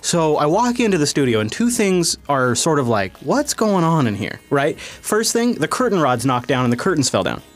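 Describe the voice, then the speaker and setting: A man hosting a tech podcast in casual chat, rambling and animated, laughing often. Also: a little high, normal speed, few pauses. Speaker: podcast host.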